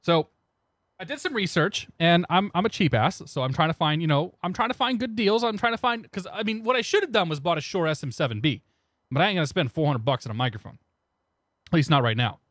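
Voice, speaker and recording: A man's voice: fairly high pitch, expressive, fast talker, fairly bright tone, no room sound, clean studio sound. A young man streaming a flight sim, rambling casually and greeting his chat by name into a desk microphone. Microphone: new desk microphone.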